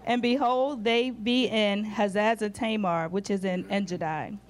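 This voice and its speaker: A man reads scripture aloud for the congregation. His delivery is steady and measured through the old-style wording. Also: sits high, a little hiss or hum. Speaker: scripture reader.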